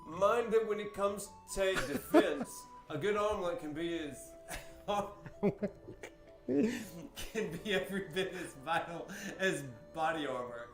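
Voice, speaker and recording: A man voicing a gruff male fantasy dwarf from a game, in a put-on Scottish-Irish lilt with a halting, self-conscious read. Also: high voice, lively intonation, echoey room, music in the background. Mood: advising.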